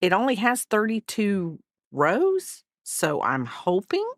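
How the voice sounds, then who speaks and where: A woman's voice: mid-range voice, wildly swooping pitch, takes it slowly, no room sound, studio quality. A woman hosting a crafting livestream, rambling and chatty, often apologizing for herself. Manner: rambling, chatty, self-deprecating. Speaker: livestream host. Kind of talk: casual livestream chat. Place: home, crafting while streaming.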